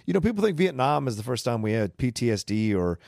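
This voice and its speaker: A man co-hosting a film podcast, talking casually and thinking out loud. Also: mid-range voice, very animated, fast talker, gravelly, no room sound, studio quality. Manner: rambling, thinks out loud with fillers. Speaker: podcast co-host. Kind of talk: casual film review chat.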